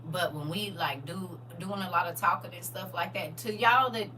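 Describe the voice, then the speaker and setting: Bright, chatty woman hosting a livestream. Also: on the low side, normal speed, slight background noise. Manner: chatty, addresses viewers as "y'all"; reads viewer comments aloud and answers them. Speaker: livestream host. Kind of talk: casual livestream chat.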